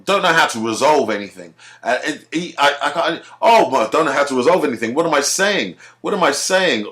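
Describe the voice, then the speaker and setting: A man delivering a rambling, profane ranting monologue and telling stories. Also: mid-range voice. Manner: rambling, profane, animated storytelling. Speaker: vlogger.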